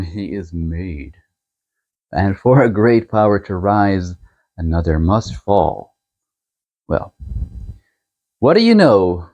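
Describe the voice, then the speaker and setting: A man hosting a book channel, chatting casually as he shows a book set and reviews a novel, unhurried and chuckling as he thinks aloud. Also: sits low, very animated, warm tone.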